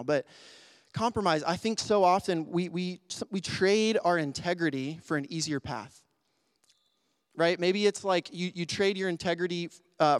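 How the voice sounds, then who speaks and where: A man with a somewhat high voice delivers a sermon in an earnest, conversational way. He often restarts his sentences and fills with "like," and at times sounds emotional. The recording is close and dry, with no room sound. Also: no echo. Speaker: pastor.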